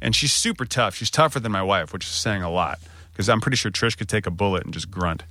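A man in his thirties, a podcast co-host, telling a candid story and jumping up in pitch when he quotes himself. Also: quick pace, dry recording. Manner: animated retelling, voice rising when quoting himself.

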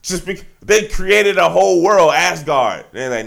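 Animated, gravelly-voiced man ranting. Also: sits high, measured pace. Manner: slangy, animated ranting with frequent asides. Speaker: podcast host. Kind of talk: solo sports podcast monologue.

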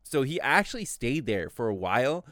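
A man's voice: medium pitch, moderate pace, dry recording, clean studio sound. A young man telling a work story in casual chat, swearing freely and acting out what others said. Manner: animated, profane, acts out quotes.

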